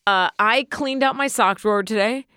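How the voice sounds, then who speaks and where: A woman's voice: fairly high pitch, normal speed, sharp tone, clear, resonant tone, no room sound, studio quality. A woman co-hosting a casual chat, telling a story in a chatty, self-mocking way. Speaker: podcast co-host.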